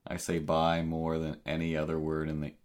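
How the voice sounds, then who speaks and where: A man's voice: very deep voice, monotone, moderate pace, darkish tone. A man with a Cape Breton accent co-hosting a podcast in casual chat, rambling with many fillers and restarts. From Cape Breton, Canada. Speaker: podcast co-host.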